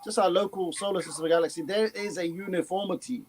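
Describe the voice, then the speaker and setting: A man on a panel earnestly explaining an argument, halting and restarting as he goes. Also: high-pitched, darkish tone, slight background noise, low-quality recording. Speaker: panel guest. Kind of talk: explaining an argument in casual chat.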